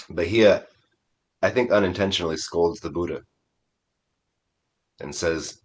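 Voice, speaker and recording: A man, a Zen priest, giving a dharma talk by retelling an old story in a conversational, animated way. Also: low voice, measured pace, pauses often.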